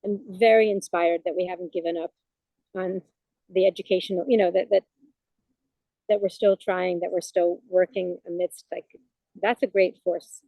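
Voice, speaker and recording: A woman's voice: on the low side, fairly even intonation, normal speed, creaky, warm tone, dry recording, poor audio. A woman chaplain talking as a guest in a casual, reflective conversation, searching for words with frequent "you know" fillers.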